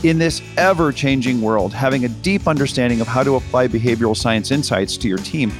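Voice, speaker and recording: A man hosting a podcast, reading a book promotion in a lively delivery. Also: medium pitch, fairly quick, faint music behind. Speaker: podcast host. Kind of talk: casual chat and read ad.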